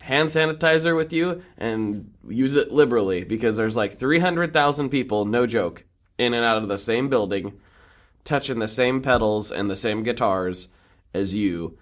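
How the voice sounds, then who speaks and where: A man co-hosting a podcast, chatty and joking as he talks, quick to laugh. His voice sits at an average pitch for a man. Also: expressive. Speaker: podcast co-host. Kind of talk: casual chat.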